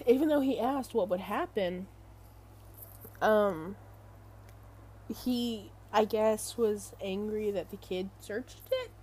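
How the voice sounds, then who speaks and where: A woman's voice: medium pitch, a little mellow, slight background noise. A young adult woman telling a casual story in a rambling, chatty way full of fillers. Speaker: vlogger.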